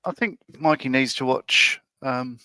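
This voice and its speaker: Casting note: bright, forward-voiced man, dry close mic, friendly film chat. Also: medium pitch, a little slow, no room sound. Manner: chatty, quotes favourite comedies. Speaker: co-host. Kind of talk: casual chat on a modelling livestream.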